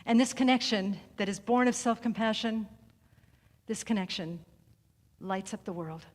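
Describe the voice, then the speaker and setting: A woman delivering a sermon through a story, speaking in a measured, deliberate way with long pauses and softened phrases. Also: mid-range voice. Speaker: speaker at a spiritual center service. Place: sanctuary hall. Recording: reverberant hall recording.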